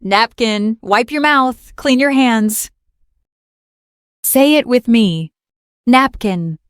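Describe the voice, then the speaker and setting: Woman, English teacher, beginner lesson, unhurried repetition, dry close sound. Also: a little high, dry recording. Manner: slow, clear, repeats each word for learners.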